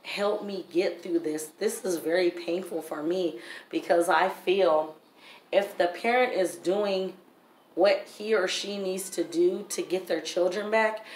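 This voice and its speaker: A woman shares a storytime vlog, telling it bluntly and angrily with profanity. She speaks in a lowish voice, a little slowly. Faint background noise and a roomy echo fill the recording.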